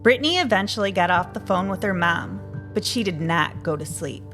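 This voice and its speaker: A woman hosting a true crime show, giving expressive, scripted narration. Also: fairly low pitch, a little fast, soft background music.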